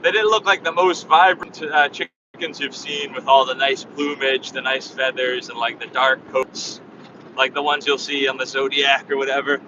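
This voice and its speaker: A man talks on and on in a flat, level tone, full of fillers, as he drives. He sounds distant and muffled. Loud road noise runs underneath. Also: medium pitch, normal speed. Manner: rambling, filler-heavy, flat tone. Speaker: vlogger driving a van. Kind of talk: casual chat while driving. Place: inside a moving vehicle on a highway.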